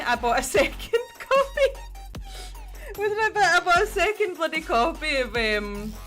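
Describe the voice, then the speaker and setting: A woman's voice: high-pitched, bright, forceful tone. A woman hosting a livestream, chatting casually and rambling, with frequent restarts and the odd swear. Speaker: livestream host. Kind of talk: casual chat while painting.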